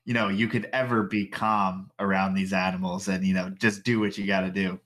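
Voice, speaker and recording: A male interviewer asking relaxed questions and giving short replies in a casual chat. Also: low voice, a little fast.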